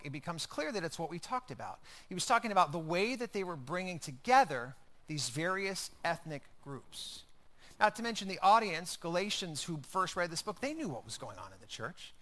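A man's voice: fairly high pitch, pushed and bright. A man preaching a sermon in a conversational style, building emphasis through repeated phrases. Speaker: pastor.

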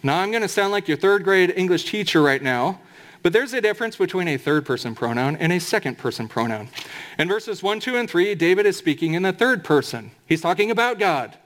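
A man preaching a sermon as pastor, emphatic, slowing right down to draw out scripture quotes. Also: sits high, animated, fairly bright tone.

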